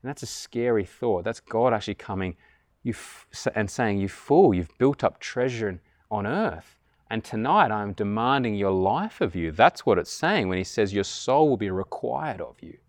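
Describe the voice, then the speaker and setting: A man preaching a sermon in an earnest way, rising to loud, emphatic peaks. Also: fairly low pitch, animated, moderate pace, dry recording.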